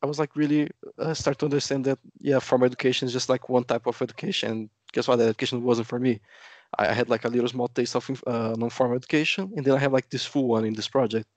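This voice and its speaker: A man from Brazil, a native Portuguese speaker, chatting as an interview guest with a lively storytelling manner that acts out quotes. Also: mid-range voice, fast, no echo. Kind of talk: casual interview chat.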